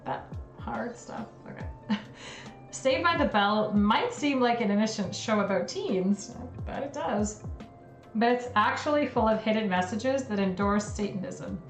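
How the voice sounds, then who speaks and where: Streamer type: chatty, giggly woman, mid-pitch, roomy room with faint music under her. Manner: giggly, chatty, reacts with frequent laughter. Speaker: livestream host. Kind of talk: casual livestream chat reading conspiracy theories.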